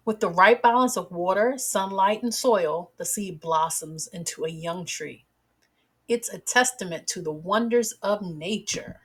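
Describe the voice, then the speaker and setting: A woman teaching a children's phonics lesson, speaking slowly and splitting words clearly into syllables. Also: mid-range voice, a bit bright. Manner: slow, clearly segmented words for kids.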